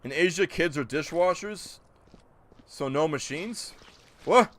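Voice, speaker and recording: Speaking slowly in a slightly high, somewhat bright voice, a man streams a game and chats with his viewers. Answering their messages, he launches into joking rants full of disbelief.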